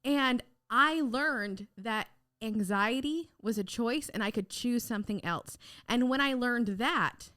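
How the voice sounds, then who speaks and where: A woman's voice: fairly high pitch, slow pace, few pauses. A young adult woman, a podcast guest, chatting frankly in a casual interview, telling stories and acting out what people said, with the odd casual swear word. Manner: animated storyteller who acts out quoted lines.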